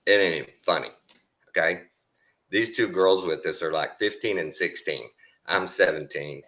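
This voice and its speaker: Deep-voiced Texan man telling stories. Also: moderate pace, fairly bright tone. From Texas. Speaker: storyteller. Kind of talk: casual storytelling.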